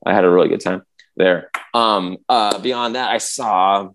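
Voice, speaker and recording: A man's voice: fairly low pitch, a little slow, a bit bright, a little hiss or hum. A man in casual podcast chat, rambling with many restarts as he tells a story, acting out quotes and sound effects. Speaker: podcast co-host.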